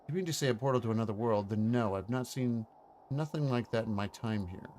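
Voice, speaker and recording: A man's voice: medium pitch, quick pace, a little mellow, a little hiss or hum, lightly acted. A man voicing a loyal, protective older manor servant with a Scottish accent, using dialect words and old-fashioned grammar. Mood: earnest.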